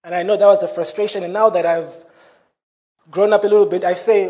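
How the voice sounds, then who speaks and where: A man preaching a sermon in an animated way, breaking into laughing asides. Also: sits high, fairly quick.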